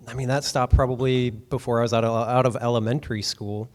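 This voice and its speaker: A man gives a personal testimony in an interview on stage. He talks quietly and with some hesitation, pausing with fillers. His voice sits in a middle range. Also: medium pitch, level tone. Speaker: guest telling his faith story.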